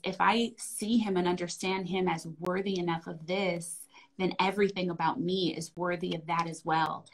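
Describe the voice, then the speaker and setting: A woman in her thirties talking in a gentle, affirming and soothing way in a heartfelt conversation. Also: fairly low pitch, rough recording. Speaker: wellness guest.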